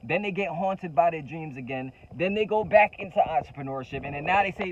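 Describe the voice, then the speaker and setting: A man speaking with fervent, motivational energy in a fairly high voice, repeating his key lines and slipping into casual slang as he talks straight to the camera. The sound is somewhat dull and lo-fi. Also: fairly quick, hardly any pauses, noisy background. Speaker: entrepreneur coach and channel host. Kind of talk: motivational direct-to-camera talk.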